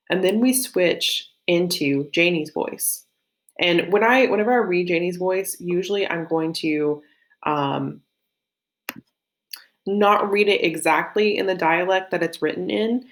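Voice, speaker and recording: A woman's voice: on the low side, unhurried. A woman with a light Southern US accent, teaching a literature lesson in a chatty, think-aloud way with frequent fillers and self-corrections. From Southern United States. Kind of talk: recorded classroom lesson.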